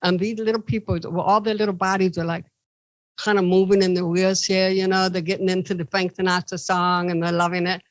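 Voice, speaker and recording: Speaking briskly, an Ohio woman guesting on a podcast shares personal stories with lots of animation, voicing the characters through big jumps in pitch. There's no echo, but the audio quality is low.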